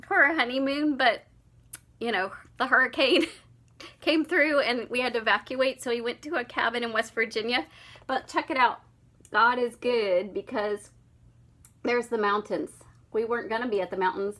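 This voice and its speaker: A woman's voice: fairly high pitch, sharp tone. A young woman chatting through an unboxing vlog, gushing and laughing often. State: slightly out of breath after walking dog. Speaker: vlogger.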